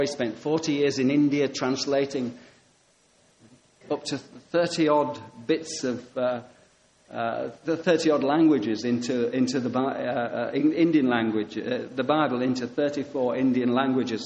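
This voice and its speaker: Animated preacher, higher-pitched man. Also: poor audio. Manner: animated, storytelling with quoted dialogue. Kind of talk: sermon.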